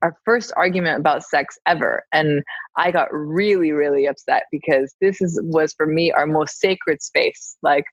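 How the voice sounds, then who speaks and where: A woman telling a candid personal story in conversation, animated and laughing often. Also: low voice, normal speed, dry recording. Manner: animated, laughs often, acts out her own quoted lines. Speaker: podcast conversation partner. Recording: dull, dry lo-fi sound.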